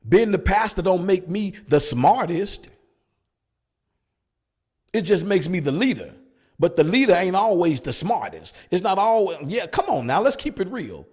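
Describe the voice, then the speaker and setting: A man's voice: high voice, very animated, a little slow, darkish tone, breathy edge. A male pastor preaching at a Bible study, hammering points with repeated rhetorical questions. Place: church.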